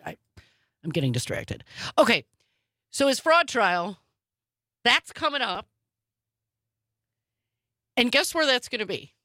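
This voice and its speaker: Sarcastic woman with a bright voice. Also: on the high side, sing-song, no room sound, clean studio sound. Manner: sarcastic and quick. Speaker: podcast co-host. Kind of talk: casual political commentary.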